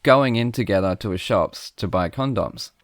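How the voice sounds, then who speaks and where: A man, a podcast co-host telling an embarrassing story in casual chat, animated and self-mocking, laughing often. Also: fairly low pitch, normal speed, no echo, studio quality.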